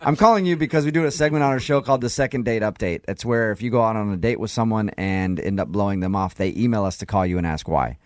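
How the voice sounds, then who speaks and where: A man's voice: lowish voice, fast talker, few pauses, a little mellow, dry recording, studio quality. A man hosting a morning radio show, blunt and teasing with his co-host and callers.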